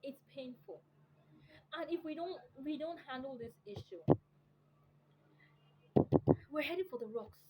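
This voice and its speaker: A woman's voice: sits high, measured pace, long pauses, a little hiss or hum, poor audio. A middle-aged woman from Africa, a mother, lecturing parents in an impassioned monologue, emphatic and preachy, full of rhetorical questions. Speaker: vlogger addressing parents.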